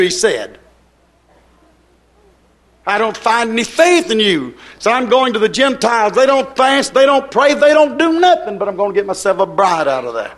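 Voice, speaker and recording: A man preaching a sermon in an emphatic, repetitive cadence, breaking into shouts. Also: extremely high pitch, expressive, moderate pace.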